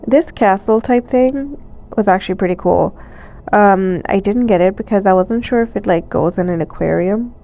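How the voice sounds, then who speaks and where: A woman with a stuffy nose doing a chatty, relaxed voice-over for a thrift shopping vlog. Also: mid-range voice, normal speed, gravelly. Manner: chatty, relaxed, with fillers and small laughs. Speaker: thrift vlogger. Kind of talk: casual voice-over narration. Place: recorded voice-over.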